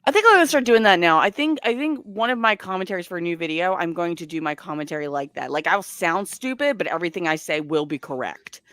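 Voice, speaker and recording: A woman's voice: on the low side, animated, quick pace, hardly any pauses, fairly bright tone. A woman commenting casually on a live stream, sarcastic and incredulous.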